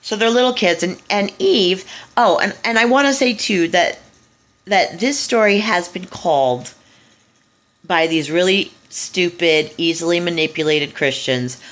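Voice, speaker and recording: Brief: woman, slightly low voice, casual monologue, blunt and scornful, swears freely. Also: a bit bright. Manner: fast, loose, with frequent restarts and asides. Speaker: speaker giving a talk. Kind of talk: casual monologue retelling a story.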